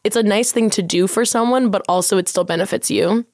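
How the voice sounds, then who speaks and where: A young adult woman from Philadelphia, a comedian guest on a podcast, telling stories in animated casual chat with many "like" fillers. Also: medium pitch, a little fast, dry recording, clean studio sound.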